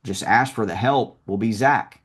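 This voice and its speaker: A man's voice: fairly low pitch, unhurried, husky. A man coaching a salesperson one-on-one, talking in a confident, direct way.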